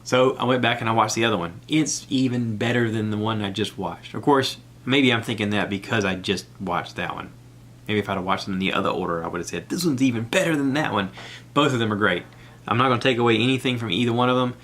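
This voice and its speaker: A man's voice: lowish voice, fast talker, a bit bright. A man hosting a solo podcast, talking in a chatty, rambling way and recommending things with enthusiasm. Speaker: podcast host. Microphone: iPad recording app.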